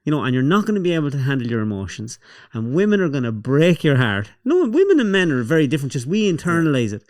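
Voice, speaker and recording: Irish host, dry close sound, blunt and reflective. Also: male voice, on the high side, sing-song, quick pace, no room sound. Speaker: podcast host. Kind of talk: casual conversation.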